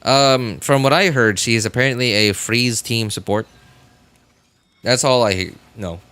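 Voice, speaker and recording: A man's voice: medium pitch, measured pace, sharp tone, smooth. A man streaming a game, chatting casually and rambling, with many fillers, restarts and self-corrections. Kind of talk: casual live-stream chat.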